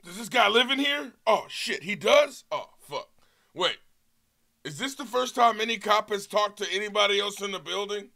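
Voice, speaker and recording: A male streamer riffs on footage with profane jokes and a lot of laughter. His voice sits a little high and sounds bright and forward. His pitch swings widely from line to line. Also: lively intonation, moderate pace, gravelly. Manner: profane, joking, laughs often. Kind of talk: live reaction commentary.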